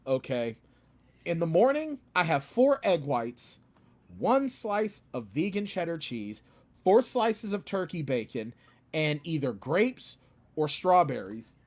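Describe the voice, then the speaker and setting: A man chatting casually as a guest author on a video call. His voice swings up and down a lot, and he keeps jumping into loud, higher-pitched replays of his own rants before he settles back down. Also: measured pace. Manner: animated, acts out his own outbursts in a louder, higher voice. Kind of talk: casual chat.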